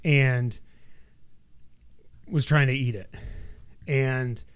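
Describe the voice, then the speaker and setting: A man's voice: medium pitch, fairly even intonation, extremely slow, smooth. A man co-hosting a podcast from home, reading a press release aloud with joking asides and telling stories in casual chat. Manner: reads press copy with asides and jokes. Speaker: podcast co-host.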